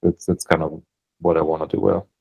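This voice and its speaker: A man's voice: very deep voice, level tone, a little fast, creaky, darkish tone, husky, low-quality recording. A man with a German accent coaching on sales calls in casual chat, thinking aloud with many restarts.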